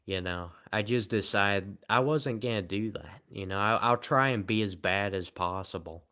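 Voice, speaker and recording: Rambling deadpan man with Southern-tinged speech. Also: fairly low pitch, moderate pace. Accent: Southern American. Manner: rambling, deadpan and self-mocking. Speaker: live streamer. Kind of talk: casual livestream chat answering comments.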